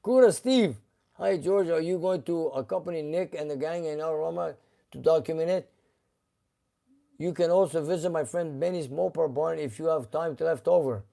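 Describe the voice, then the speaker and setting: A middle-aged man hosts a casual live stream from his garage and reads viewer comments aloud. His voice sits a bit high for a man but sounds mellow and soft-edged. He talks in a relaxed, unhurried way and stops often on "uh" as he hunts for words. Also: gravelly. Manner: relaxed, halting, with many uh fillers.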